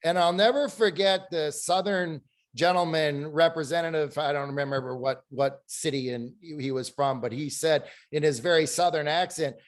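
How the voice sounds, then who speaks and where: Male webinar panelist, slightly high voice, animated storyteller. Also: moderate pace. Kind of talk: panel discussion.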